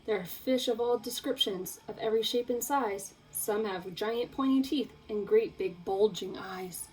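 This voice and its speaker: Expressive young woman teacher reading aloud. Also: fairly high pitch, measured pace, low-quality recording. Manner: expressive, playful storytelling. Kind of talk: reading aloud a picture book to children.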